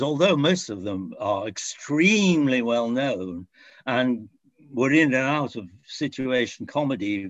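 An older actor born in France, answering interview questions in a rambling, self-correcting way with frequent chuckles. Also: male voice, medium pitch, dry recording, lo-fi sound.

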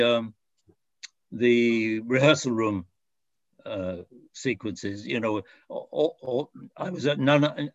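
An older actor born in France, answering interview questions in a rambling, self-correcting way with frequent chuckles. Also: male voice, medium pitch, no echo, highs cut off.

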